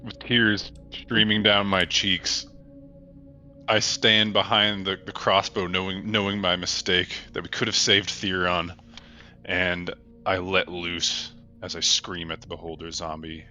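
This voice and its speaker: Deep-voiced guy with a sharp bright tone, blunt player, light music behind. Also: flat delivery, measured pace. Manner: blunt, swears casually. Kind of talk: casual tabletop play.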